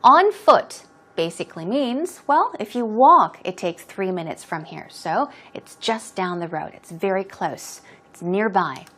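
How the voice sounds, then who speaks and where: A woman's voice: mid-range voice, lively intonation, fairly bright tone. A woman teaching English expressions, explaining words patiently and modeling pronunciation. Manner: clear, patient, drawn-out teaching delivery.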